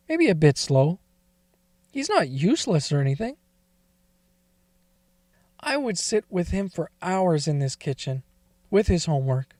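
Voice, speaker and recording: High pitched guy narrating a personal story, shaky confessional tone, dry close mic. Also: very animated, unhurried, pauses often, a little mellow, no echo. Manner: confessional, wavering emotional delivery. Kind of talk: first-person dramatic story reading.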